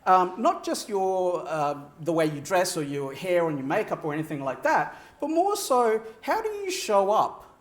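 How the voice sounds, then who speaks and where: A man giving a keynote speech to a live audience, animated, shifting his pitch and pace for effect and laughing often. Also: moderate pace, roomy sound. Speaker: keynote speaker. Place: large venue with audience.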